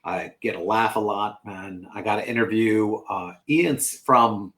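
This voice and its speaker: A man who is a lawyer, appearing as a guest on a radio comedy show and chatting in a relaxed, matter-of-fact way. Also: lowish voice, a little slow. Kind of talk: casual radio chat. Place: radio studio.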